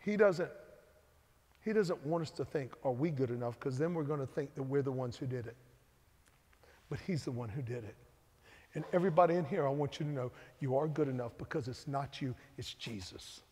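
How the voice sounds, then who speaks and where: A middle-aged man, co-pastor of a church, preaching a sermon that swings between loud and hushed. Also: mid-range voice, fairly quick, breathy edge. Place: church sanctuary. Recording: long hall reverb.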